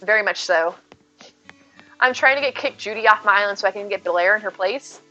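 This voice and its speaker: A woman livestreaming from home, chatting with her viewers in an excitable, over-the-top way. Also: medium pitch, fairly quick, dull audio, soft background music. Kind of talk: casual live game stream chat.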